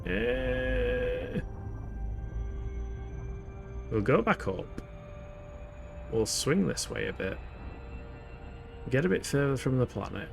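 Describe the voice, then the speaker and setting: A man talks through a game live, chatty and self-mocking, and he swears and laughs often. His voice sits at an ordinary pitch. Game music plays steadily underneath him. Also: huge pitch swings, slow, gravelly, long pauses. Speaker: streamer. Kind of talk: live gameplay commentary.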